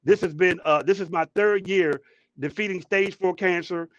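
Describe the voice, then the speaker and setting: A man co-hosting a talk show, telling a story with excitement and repeating his words. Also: sits high, moderate pace, no room sound, lo-fi sound. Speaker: co-host. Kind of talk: casual talk show chat. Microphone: headphones, studio mic.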